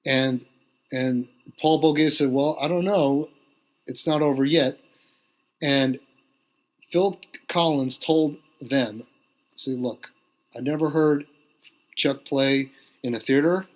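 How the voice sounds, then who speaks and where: A middle-aged man, a drummer being interviewed on a podcast, telling a long anecdote with lively quoted voices. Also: medium pitch, slow, long pauses. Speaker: guest drummer.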